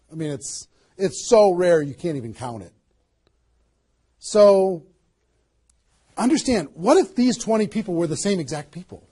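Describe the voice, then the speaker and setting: High-pitched but husky, a man presents a motivational seminar as a network marketing trainer, energetic and emphatic, throwing rhetorical questions at the people in front of him.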